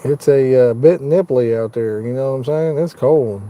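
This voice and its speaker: Folksy man with a very dark voice. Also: mid-range voice, normal speed. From Indiana, United States. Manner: folksy, easygoing, talks to viewers by name. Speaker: fishing live-stream host. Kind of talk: casual live-stream chat reading viewer comments. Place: inside a parked truck at night.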